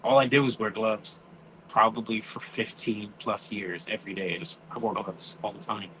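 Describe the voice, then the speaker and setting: A man's voice: on the low side, steady tone, moderate pace, a bit bright, slight background noise, rough recording. A man, telling stories in casual chat, acting out quotes and swearing freely. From New York. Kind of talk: casual storytelling.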